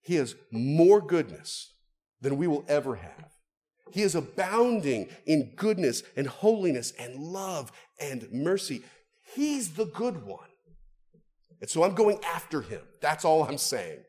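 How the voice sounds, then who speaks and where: A man preaching a sermon, moving between quiet, low asides and raised, stressed phrases for emphasis. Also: sing-song, measured pace, slightly rough.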